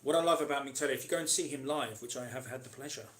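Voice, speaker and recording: A man from Britain hosts a relaxed live Q&A, answering viewers' comments off the cuff. His voice sits at an ordinary middle pitch. He meanders, restarts sentences and fills gaps with ums and "you know". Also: racing. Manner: rambling, chatty, with many ums and restarts. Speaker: host answering live chat questions. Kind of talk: casual live Q&A chat.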